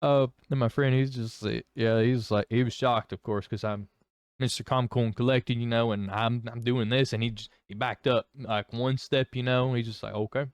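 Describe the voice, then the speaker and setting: A man's voice: medium pitch, steady tone, moderate pace, clear, resonant tone, no echo. A young man telling his personal testimony in a rambling, candid way, full of fillers and restarts. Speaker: vlogger.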